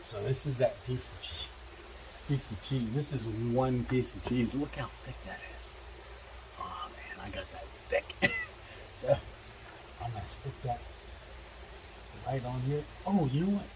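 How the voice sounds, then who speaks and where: A man vlogging while cooking at an outdoor camp, chatty and quick to laugh, sometimes dropping to a hushed voice. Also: mid-range voice. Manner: chatty, laughs often, talks quietly at times. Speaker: camping vlogger. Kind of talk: casual cooking narration. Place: outdoors under a covered bridge. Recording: noisy outdoor camp recording.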